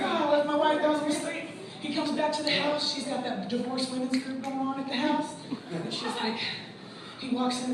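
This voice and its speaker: A woman from the US Midwest performing a brash, profane stand-up comedy set, laughing through her punchlines. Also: sits high. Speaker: stand-up comic. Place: comedy club stage. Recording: echoey noisy club recording from far off.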